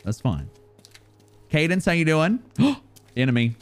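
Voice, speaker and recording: A man streaming a game live, with a lively, bouncing pitch as he rambles playfully. He swings between loud outbursts and quiet mumbles. Faint music plays behind him. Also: slow pace.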